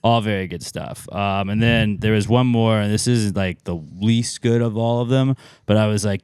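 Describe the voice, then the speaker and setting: A man's voice: lowish voice, normal speed, a little mellow, clean tone, no room sound. A man co-hosting a podcast in rambling, laid-back casual banter. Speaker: podcast co-host.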